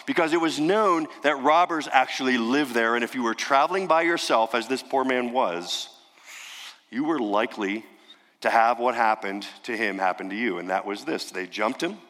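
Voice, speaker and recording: A man preaching a sermon, telling a story emphatically and dropping to a hush for dramatic effect. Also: mid-range voice. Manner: dramatic, emphatic storytelling with sudden hushed drops. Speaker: pastor. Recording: long reverb of a large hall.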